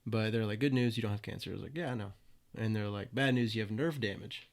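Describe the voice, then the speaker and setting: A man's voice: fairly low pitch, quick pace, creaky. A young man, a podcast guest, casually telling stories with plenty of swearing and acted-out quotes. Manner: laid-back, swears freely, acts out quoted voices. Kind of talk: casual storytelling interview.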